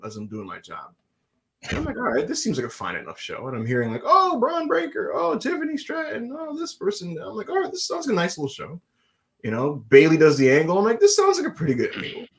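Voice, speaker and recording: A man in mid-range pitch hosts a casual podcast chat and tells a story with a lot of movement in his voice. He swears freely and climbs up high and loud when he gets worked up. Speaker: podcast host.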